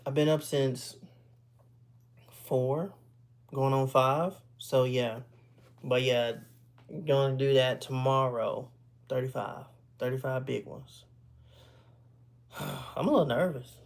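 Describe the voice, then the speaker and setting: A man in his thirties streams from home, sounding drowsy and holding back yawns as he rambles, correcting himself in a laid-back way. His medium-pitched voice is slow and fairly even, with vocal fry and long pauses.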